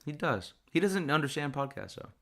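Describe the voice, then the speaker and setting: Man from brooklyn, podcast co-host, teasing, blunt, bright tense tone. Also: fairly high pitch, sing-song, brisk, vocal fry. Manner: easygoing, teasing, blunt swearing. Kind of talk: casual chat.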